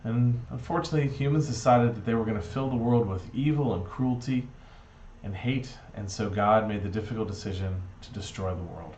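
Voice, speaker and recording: A man tells a parable with playful, earnest warmth in a lowish voice. His voice carries a roomy echo, the sound is a little dull, and there is faint noise beneath it. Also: a little fast. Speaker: speaker giving a Shabbat reflection. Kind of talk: storytelling reflection. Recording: dull echoey room recording.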